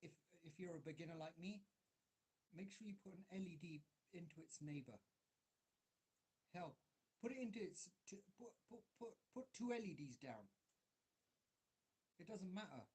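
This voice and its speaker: English bloke chatting away at his workbench, husky, a bit high, swears and laughs at himself. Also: animated, normal speed, pauses often, darkish tone. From England, grew up in Derby. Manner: self-mocking, swears a lot, many restarts. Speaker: hobbyist video maker. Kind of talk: rambling casual chat while soldering.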